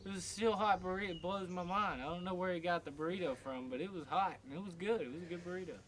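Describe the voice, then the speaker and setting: A tower climber, telling stories in a casual, profane, animated way. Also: male voice, high voice, fast talker, heavy background noise. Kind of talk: casual storytelling.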